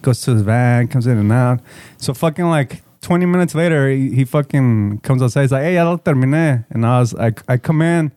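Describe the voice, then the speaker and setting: A man's voice: medium pitch, brisk, darkish tone, no room sound. A man telling a rambling, profanity-heavy story in casual chat, slipping into Spanish slang. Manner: rambling, swears a lot, mixes Spanish slang. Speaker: podcast co-host telling a story.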